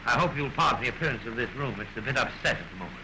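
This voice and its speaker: A man's voice: medium pitch, expressive, rapid-fire, natural voice. An actor playing a weary, wry middle-aged king of a small nation, speaking in a dry, ironic, understated way, in 1930s film style. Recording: hissy early 1930s film soundtrack.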